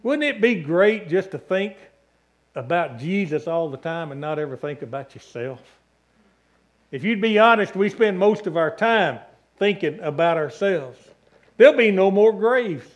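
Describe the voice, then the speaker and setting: Speaking a little slowly, the man has a high, animated voice as he preaches in a church sanctuary. He is a pastor giving an emphatic sermon, piling up repeated lists and prompting amens.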